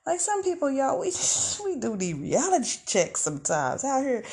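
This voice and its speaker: A woman hosting a podcast, talking in a casual, expressive monologue with laughs and sighs. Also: high-pitched, moderate pace, hardly any pauses. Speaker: podcast host.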